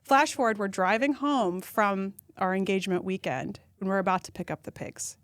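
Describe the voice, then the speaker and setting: A woman, a podcast guest telling funny stories and acting out quotes in a high voice. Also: normal speed, no room sound, clean studio sound. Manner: animated storyteller who acts out quotes in a high voice. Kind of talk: casual storytelling chat.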